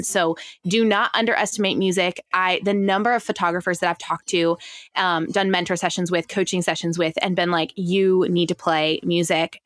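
Casting: emphatic woman co-host, slightly low voice, dry close sound, fillers galore. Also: no room sound. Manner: chatty, many "like" fillers, emphatic. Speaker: podcast co-host. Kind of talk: casual chat.

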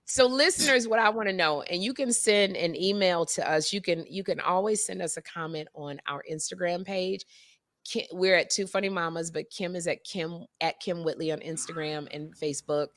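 A woman co-hosting a casual podcast chat, talkative and animated, often repeating and restarting her sentences. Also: on the low side, moderate pace, no room sound. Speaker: podcast co-host.

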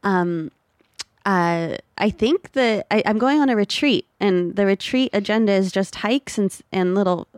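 A young woman comedian chatting as a podcast guest, animated and laughing often. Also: medium pitch, a little slow, no room sound, studio quality. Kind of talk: casual chat.

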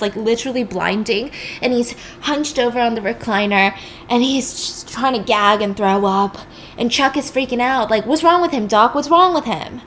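A woman's voice: fairly high pitch, a little hiss or hum. A young woman casually retelling a film's plot with chatty, wry, sarcastic asides. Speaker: storyteller. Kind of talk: casual film recap.

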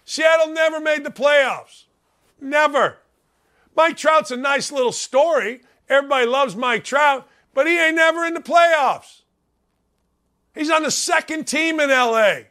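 Brash sports-radio host in his fifties, high bright voice, hammering points in a rant. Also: expressive, measured pace, pauses often. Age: 50s. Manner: brash, emphatic, repetitive ranting.

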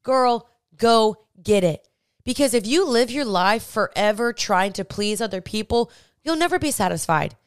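A woman's voice: a little high, animated, moderate pace, clean tone, no room sound, clean studio sound. A young woman hosting a podcast, giving earnest, chatty faith-based advice straight to her listeners. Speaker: podcast host.

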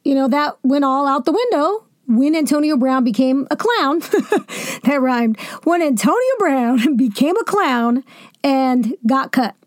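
A young woman hosting a sports podcast, venting about a football game in a jokey, animated way with asides. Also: sits high, a little slow, dry recording, clean studio sound. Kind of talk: casual sports commentary.

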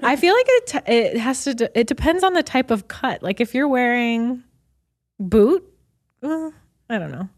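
A woman's voice: fairly high pitch, very animated, moderate pace. A woman co-hosting a podcast, chatting in a loose, playful, giggly way. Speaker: podcast co-host. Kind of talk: casual chat.

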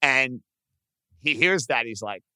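Smooth, bright-voiced man telling sports stories. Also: medium pitch, slow pace, dry recording. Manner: storytelling, steady, sets up points for his co-host. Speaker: podcast co-host. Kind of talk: casual sports chat.

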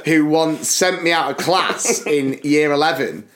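A man co-hosting a podcast in casual chat, telling school stories with lively acted-out voices. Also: on the high side, measured pace. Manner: animated storyteller who acts out teachers and his dad. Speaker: podcast co-host.

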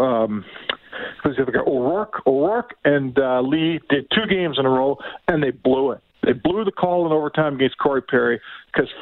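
A man's voice: medium pitch, no room sound, narrow, tinny audio. A man co-hosting sports radio, talking about hockey in an emphatic, indignant way and repeating points for stress. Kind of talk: heated hockey talk.

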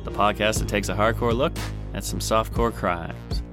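A man's voice: on the low side, fairly even intonation, normal speed, music in the background. A man with a Canadian accent hosting a comedy podcast in a joking, self-mocking tone. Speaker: podcast host.

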